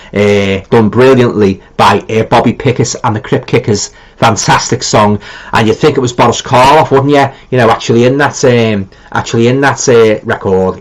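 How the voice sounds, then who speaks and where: Middle-aged scouse guy hosting a live stream, reads chat out loud, lots of ums and restarts, chill and informal. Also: lowish voice, rough recording. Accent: Liverpool. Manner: rambling and chatty, with many ums and repeated restarts; easygoing and informal, with colloquial phrasing. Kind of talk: casual chat reading out viewer comments.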